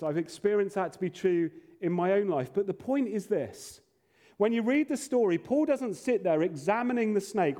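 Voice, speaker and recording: A man's voice: high voice, lively intonation, moderate pace, warm tone. A man preaching a sermon as pastor, earnest with playful asides.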